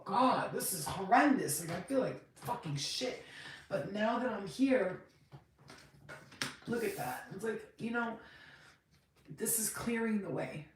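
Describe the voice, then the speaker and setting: A woman giving a casual spiritual reading, emotional and emphatic, swearing freely as she talks. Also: mid-range voice. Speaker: tarot card reader. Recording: very echoey room, mic far off, noisy.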